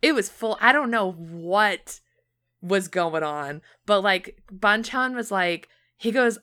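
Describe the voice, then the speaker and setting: A woman's voice: medium pitch, animated, takes it slowly, pushed and bright. A young woman co-hosting a podcast, telling a story in casual chat with lots of fillers and acted-out quotes. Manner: chatty storytelling, many fillers, acts out quotes. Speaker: podcast co-host.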